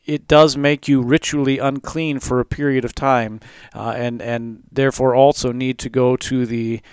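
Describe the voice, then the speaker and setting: A man, a pastor, explaining a Bible passage in a relaxed talk with many fillers. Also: mid-range voice, normal speed, smooth, dry recording.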